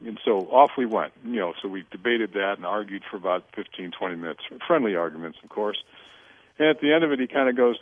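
A middle-aged man, a guest on a radio interview, chatting in a relaxed way and telling lively stories, acting out the lines of other people. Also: fairly low pitch, fast, dry recording. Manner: storytelling, animated, quotes others in dialogue; many fillers and restarts. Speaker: winery owner, guest. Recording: tinny phone-line radio audio.

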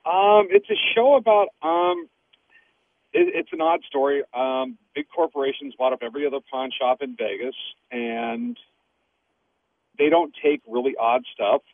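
A man's voice: a little high, animated. Casual man on a tinny phone line. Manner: casual, halting with ums. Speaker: guest. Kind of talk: phone-in interview.

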